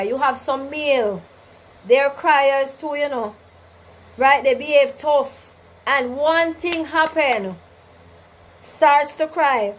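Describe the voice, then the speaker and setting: A woman's voice: high-pitched, poor audio. A woman hosting a casual livestream chat, reading out viewer comments and giving faith-filled advice, often asking "you understand?". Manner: preachy, faith-driven advice with repeated "you understand?" and "right?". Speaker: livestream host.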